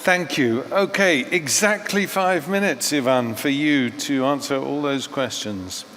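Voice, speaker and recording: A man moderating a panel discussion in a conference hall, directing it in a brisk way. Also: mid-range voice, a bit bright. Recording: echoey hall with faint background noise.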